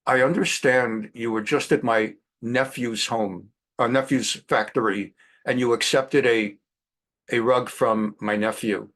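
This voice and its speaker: A man voicing a proud, insistent older Persian uncle with a heavy Persian accent, speaking slowly and solemnly. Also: medium pitch, steady tone, fairly bright tone, voice pushed down, lightly acted. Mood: solemn insistence. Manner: slow, solemn, pleading.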